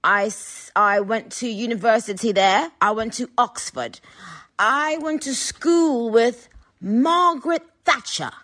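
A woman's voice: a little high, slow, a bit bright. A woman putting on a boastful female pop star who fakes a posh British accent in a comic impression message. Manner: bragging, exaggerated posh delivery.

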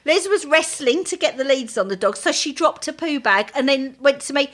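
A woman co-hosting a casual chat, trading quick, teasing banter. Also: high-pitched, lively intonation, a bit bright. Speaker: co-host.

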